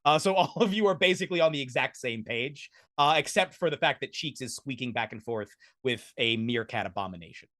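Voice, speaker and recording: A man's voice: medium pitch, lively intonation, a little fast, hardly any pauses, sharp tone, no echo, studio quality. A man narrating a tabletop game as game master, rambling with restarts. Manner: rambling, full of fillers and restarts.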